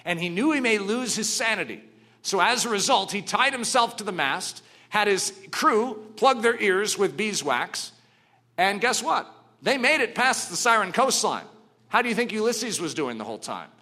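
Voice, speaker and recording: A man preaching a sermon, telling stories dramatically and swinging from hushed to ringing. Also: high voice, very animated, normal speed.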